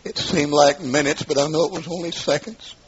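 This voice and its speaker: A middle-aged man telling his testimony as a sermon, in an emphatic storytelling style that rises into shouts, on a dull lo-fi recording. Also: a little high, steady tone, a little fast, breathy edge. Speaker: preacher giving testimony.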